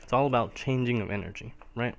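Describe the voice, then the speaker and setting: Delivering a live-streamed piano lesson, this man talks fast in a gravelly voice of medium pitch. He is patient in his explanations, yet nearly every phrase ends with a questioning "right?" to check in.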